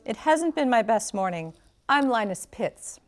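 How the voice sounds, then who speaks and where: A dry, deadpan young man voiced by a woman reading aloud, understated in every line. His voice sits a little high for a man. The telling is plain and unhurried, like a book being read to listeners.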